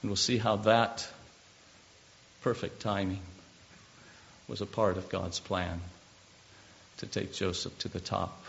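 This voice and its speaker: Male pastor, gravelly voice, animated sermon delivery with repeated words, dull lo-fi recording. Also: low voice, slow, pauses often, a little hiss or hum.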